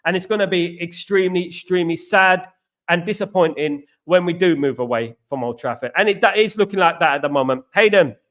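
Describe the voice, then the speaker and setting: A man from East hosts a fan stream, talking in an animated, rambling way. He is middle-aged, and his voice sits high and sounds bright. He tells stories and answers comments with lots of repetition. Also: a little fast. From East London, England. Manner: animated, repetitive, chatty storyteller. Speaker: fan channel host. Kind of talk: live-stream fan chat reading comments.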